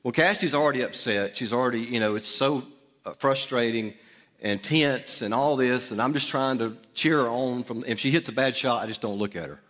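A middle-aged man preaching to his congregation, easygoing and conversational as he tells a personal story. His voice sits at an ordinary pitch and rings with a long reverb off the sanctuary walls. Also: fairly quick, a bit bright. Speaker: pastor. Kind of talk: storytelling sermon. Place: church sanctuary.

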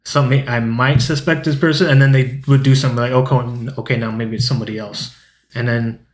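A man co-hosting a podcast, calmly explaining what he liked about a film. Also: mid-range voice, a little fast, echoey room. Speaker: podcast co-host. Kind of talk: casual movie discussion.

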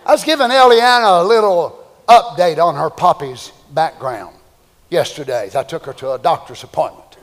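An older man preaching a sermon, swinging between loud shouting and quiet storytelling. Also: high voice, big-room sound. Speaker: pastor.

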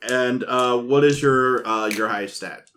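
A man runs a tabletop role-playing session as game master. His pitch sits in an ordinary middle range, and he talks loosely, pausing on fillers and stopping to laugh between rules. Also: a little hiss or hum. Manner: relaxed, halting, full of fillers and laughs.

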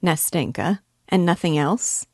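A lonely, wistful young man who speaks earnestly and a little hesitantly, as a woman reads his lines. Her voice is low and even, with a dry, close sound. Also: measured pace, no echo. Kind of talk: audiobook character reading.

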